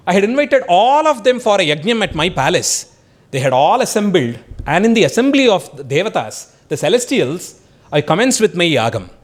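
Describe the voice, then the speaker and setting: Brahma Rakshasa, a remorseful cursed demon, as a storyteller puts him on. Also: male voice, sits high. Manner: confessional, pleading. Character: remorseful cursed male demon, once an arrogant scholar.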